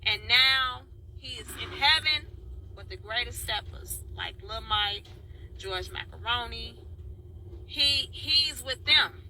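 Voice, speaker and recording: A woman with a Chicago accent speaks in a loose, heartfelt vlog, stopping to greet her viewers by name. Her voice is bright and sharp, sitting a little high. Faint traffic hums behind her. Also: expressive, takes it slowly, low-quality recording. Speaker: dance video blogger. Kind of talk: casual spoken vlog.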